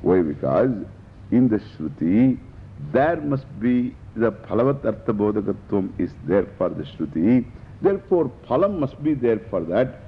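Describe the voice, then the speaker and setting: A man with a sing-song voice lectures on scripture at a measured pace as a Vedanta teacher, explaining Sanskrit terms in English and repeating key phrases. The lecture recording is dull and lo-fi with a faint rumble.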